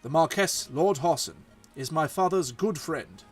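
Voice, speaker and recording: A man's voice: fairly high pitch, expressive, unhurried, faint music behind. A man voicing a polite, earnest young noble lord in a mock British accent, reading game dialogue.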